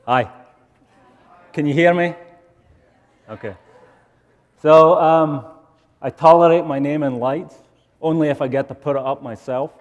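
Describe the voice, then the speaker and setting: A man's voice: medium pitch, normal speed, pauses often, darkish tone, dull audio. A man with a Scottish accent giving a public lecture, with wry, self-deprecating humor. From Scotland. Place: lecture hall. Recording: reverberant lecture hall.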